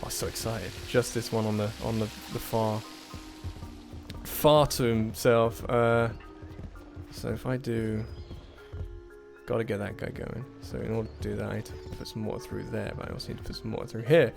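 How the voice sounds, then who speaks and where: A man's voice: on the low side, steady tone, normal speed, vocal fry, a little mellow, soft background music. A man doing casual gameplay commentary on a puzzle game, muttering to himself as he works things out, with self-deprecating asides and sudden frustrated outbursts.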